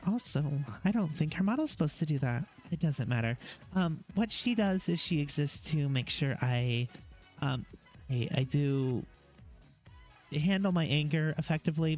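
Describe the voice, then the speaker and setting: A man at a home streaming setup, talking through his channel in a loose, rambling way. His pitch moves around a lot as he goes, and his speech is full of fillers and wry asides. Soft background music sits behind him. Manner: chatty, rambling with fillers and self-deprecating asides. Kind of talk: casual talking-head explainer.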